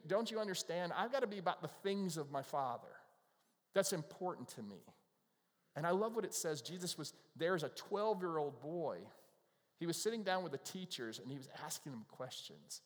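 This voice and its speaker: A middle-aged male pastor giving a casual, conversational sermon, often acting out the voices of people in the scriptures. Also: fairly high pitch. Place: church. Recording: long reverb of a church hall.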